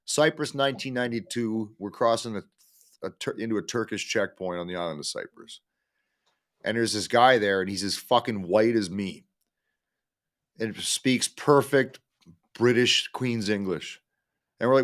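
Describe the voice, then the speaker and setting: A man from Canada with a fairly low voice, co-hosting a veterans' podcast. He talks casually and bluntly, swearing freely as he swaps stories. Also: moderate pace, fairly bright tone. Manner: blunt and profane. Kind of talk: casual chat.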